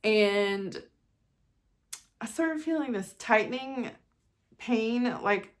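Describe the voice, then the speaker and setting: A woman's voice: a little high, animated, extremely slow, a little hiss or hum. A woman in her forties, possibly, chatting candidly and emotionally to her viewers in a casual vlog, laughing at herself now and then. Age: 40s. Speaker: vlogger. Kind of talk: casual personal chat to camera.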